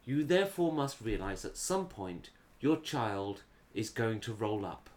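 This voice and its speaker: A man's voice: lowish voice, big pitch swings, a little slow, darkish tone. A tired man co-hosting a casual chat, making dry, wry asides. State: tired, yawning. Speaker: podcast co-host.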